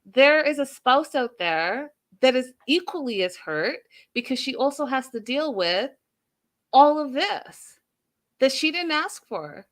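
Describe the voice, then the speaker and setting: A woman's voice: high-pitched, big pitch swings, unhurried. Emphatic woman recapping a TV show. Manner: emphatic, with rhetorical questions and repetition. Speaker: host.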